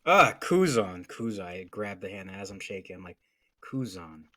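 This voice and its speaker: A man's voice: low voice, big pitch swings, moderate pace, fairly bright tone. A man playing a tabletop game, hesitant and full of fillers, sometimes muttering under his breath. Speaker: player. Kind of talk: tabletop role-play.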